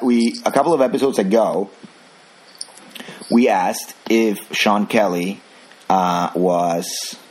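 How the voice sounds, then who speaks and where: A man's voice: fairly low pitch, darkish tone, slightly rough, poor audio. A man hosting a casual podcast chat who rambles with strong opinions and reads listener emails aloud. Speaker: podcast host.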